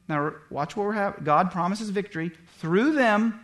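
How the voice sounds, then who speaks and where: High-voiced man preaching a lively sermon. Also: normal speed. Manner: animated storytelling, acts out quoted voices. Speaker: pastor. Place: church.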